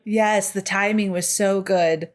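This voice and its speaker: A woman's voice: medium pitch, takes it slowly. A woman co-hosting a casual podcast, reviewing a horror film, laughing often and acting out lines she liked. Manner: giggly, quotes lines in animated voices. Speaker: podcast co-host. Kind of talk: casual movie review chat.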